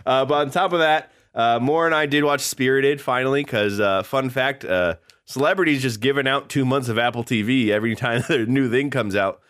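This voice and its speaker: A young man co-hosting a podcast, chatting casually, animated and quick to laugh. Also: mid-range voice, smooth. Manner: animated, laughing, exclaims in bursts. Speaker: podcast co-host. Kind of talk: casual chat.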